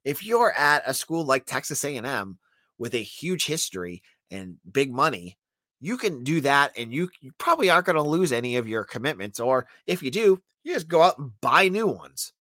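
Animated, blunt male sports podcaster. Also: medium pitch, normal speed, no room sound. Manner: animated, blunt, addresses listeners as folks. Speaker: podcast host. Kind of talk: opinionated sports podcast monologue.

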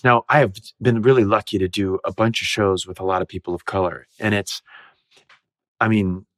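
Animated, giggly male storyteller. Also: lowish voice, no echo, studio quality. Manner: animated, giggly storyteller who acts out quotes. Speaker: musical theatre actor as guest. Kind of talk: casual anecdote telling.

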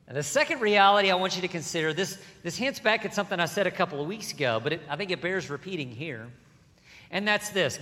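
A man preaching a sermon as pastor, animated, moving between soft asides and emphatic lines. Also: fairly high pitch. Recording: hall reverb.

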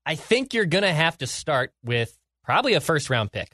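Confident jokey podcast co-host, dry sound. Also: male voice, fairly high pitch, big pitch swings, moderate pace, sharp tone, no echo. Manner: confident, jokey, stat-heavy. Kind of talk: casual sports chat.

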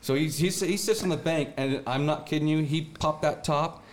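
A young man telling a fishing story in casual chat, animated and slangy, acting out the voices of the people in it. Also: fairly high pitch, normal speed. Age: young adult.

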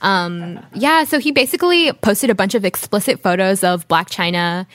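Young female intern co-host, middle pitch, laid-back filler-heavy chatter, dry studio sound. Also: normal speed, fairly bright tone, no echo. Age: young adult. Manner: casual, heavy use of "like". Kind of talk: casual radio chat. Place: radio studio.

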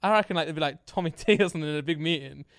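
A man co-hosting a podcast, chatting casually and joking with quick laughs. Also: a little high, a bit bright. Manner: fast, jokey, laughs often. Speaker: podcast co-host. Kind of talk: casual chat.

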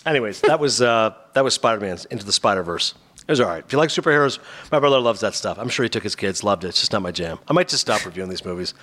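Fairly low-pitched and rapid-fire, a man hosting a podcast shares an anecdote in casual conversation, animatedly imitating the voices of the characters in it.

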